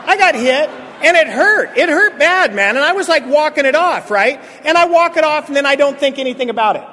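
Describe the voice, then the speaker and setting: Man, recovery testimony, high voice, animated, acts out quotes, loud to hushed, long hall reverb. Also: fairly quick, slight background noise. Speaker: speaker at a recovery meeting.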